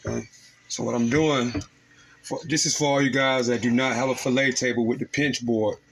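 A man's voice: medium pitch, moderate pace, gravelly, a little hiss or hum, low-quality recording. A man hosting his show, walking viewers step by step through filleting fish in his kitchen. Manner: steady step-by-step instruction to viewers. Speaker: fishing show host. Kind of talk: cooking demonstration. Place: home kitchen.

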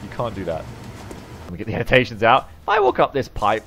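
A man giving live gameplay commentary, excitable, swearing often and shouting at the game. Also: fairly low pitch, a little fast, slightly rough. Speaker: game streamer.

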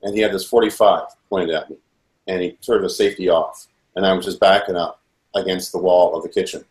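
A man's voice: low voice, steady tone, a little fast, darkish tone. A man as an interview guest, telling a personal story in an earnest, rambling way with frequent restarts. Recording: roomy echo.

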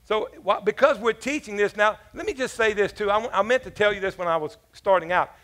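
A man's voice: sits high, brisk, a bit bright. A man pastor preaching a sermon in a casual, joking storytelling manner, with asides to the congregation. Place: church.

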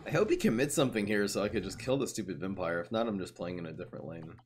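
Lively, jokey young man streaming a game. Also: lowish voice, racing, a little hiss or hum. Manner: excitable, jokey, swings between muttering and loud outbursts. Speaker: gaming streamer. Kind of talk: live gameplay commentary.

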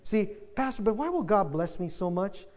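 An older male pastor preaching with a high, ringing voice. He is animated and climbs to loud fervor. His words carry a long church-hall reverb. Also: moderate pace. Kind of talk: sermon. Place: church sanctuary.

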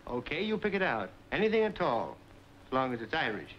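Brash young detective, breezy bravado, lively pitch; old muffled film audio. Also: male voice, fairly quick, slight background noise. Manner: cocky and breezy. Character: brash young male private detective turned army lieutenant. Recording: dull lo-fi old film soundtrack.

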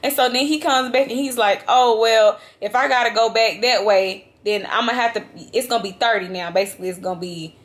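A young woman vlogger telling a travel story to her viewers in a lively, dramatic, casual way. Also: on the high side, brisk, few pauses. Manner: animated, dramatic retelling, addresses viewers as y'all. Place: vacation lodging, indoors.

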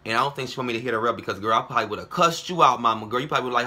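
Brash man ranting profanely, bright voice. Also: medium pitch, racing, few pauses, husky. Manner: brash, heated, profane, calls viewers girl and ho. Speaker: vlogger. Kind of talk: profane casual vlog rant.

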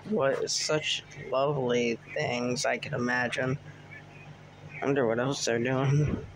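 A man casually narrating a plush skit, excitable and breaking into whoops and cheers. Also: medium pitch, takes it slowly, noisy background. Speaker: plush video maker. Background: music.

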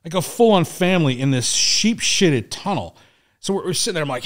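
Middle-aged man, veteran guest, casual profane storyteller with an average pitch, laughs through his war anecdotes. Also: quick pace. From United States. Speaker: guest, Navy SEAL veteran.

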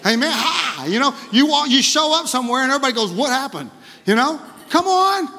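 A male pastor preaching a lively sermon in a church, often calling out "Amen?" to the congregation. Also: very high-pitched, quick pace, vocal fry. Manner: energetic, exclaiming, frequent "Amen?" to the congregation. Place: church sanctuary. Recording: long reverb of a large hall.

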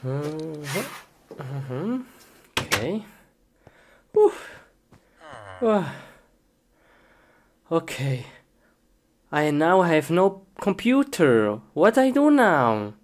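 Steve, a quick-tempered young man from a homemade game animation, voiced by a woman, drawls in a low voice with sudden swoops and jumps. He fires off short exclamations between giggles. The recording carries a steady hiss behind him. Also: full character voice. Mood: playful. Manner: excitable, blurts short exclamations, giggles often. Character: Minecraft Steve, young man, easily frustrated.

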